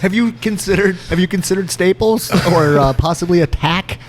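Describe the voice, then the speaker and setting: A man's voice: sits high, moderate pace, a little hiss or hum. Jokey podcast host, a man. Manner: jokey, laughs often, profane. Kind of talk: casual chat.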